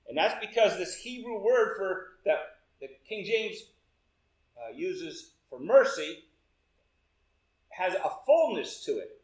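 A man preaching a sermon to his congregation, leading them through a psalm and checking in with them as he goes. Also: a little high. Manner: unhurried, talks to congregation with "right?" checks. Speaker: pastor. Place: church sanctuary. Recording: echoey church room.

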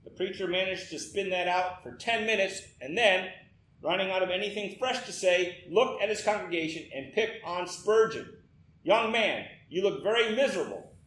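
A man preaching a sermon, telling a story in a lively way and quoting with emphatic repetition. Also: sits high, normal speed, echoey room, slight background noise, poor audio.

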